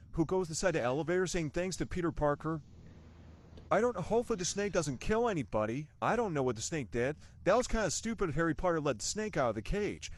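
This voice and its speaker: A young man from the United States giving a rambling, casual movie review, full of restarts and rhetorical questions. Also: a little high.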